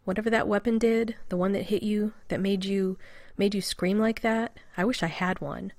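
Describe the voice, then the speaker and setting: Woman doing a frantic rambling guy, nervous and urgent, bit of fry, dry close sound. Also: medium pitch, fairly even intonation, moderate pace, darkish tone, no room sound, close to an everyday voice. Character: frantic exhausted male scientist.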